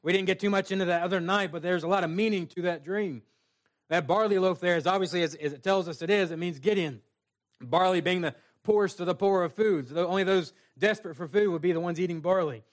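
A man's voice: high voice, quick pace. A male pastor preaching a sermon, reading scripture and adding folksy asides.

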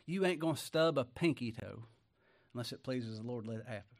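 A man preaching a folksy sermon, swinging between loud declaiming and hushed asides, chuckling often and talking in plain homespun speech. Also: medium pitch, expressive, brisk.

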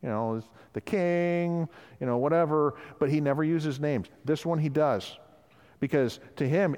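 A man's voice: on the high side, unhurried, darkish tone, clear, resonant tone. Conversational male preacher in a reverberant hall. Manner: conversational, acts out quoted voices. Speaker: pastor. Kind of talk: sermon.

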